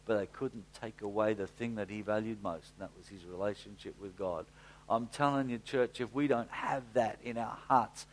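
Middle-aged pastor, lively storyteller from the pulpit, mid-pitched voice. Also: male voice. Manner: animated storytelling, swinging from loud to hushed. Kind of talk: sermon.

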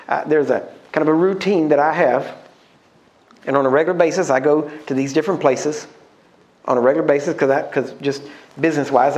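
A man's voice: a little high, a little mellow. A middle-aged man, a pastor, preaching a sermon in a conversational storytelling way, often asking his listeners questions.

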